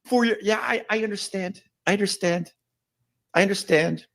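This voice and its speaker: A man's voice: high-pitched, normal speed. A man streaming to his viewers, rambling and grumbling about things in a long monologue. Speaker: streamer in a played video.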